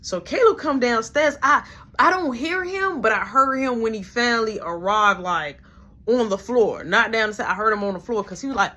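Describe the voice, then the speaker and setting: A woman's voice: a little high, moderate pace. A young woman casually telling a story about her family, acting out everyone's lines as she goes. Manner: animated, acts out each character in quoted voices. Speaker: vlogger.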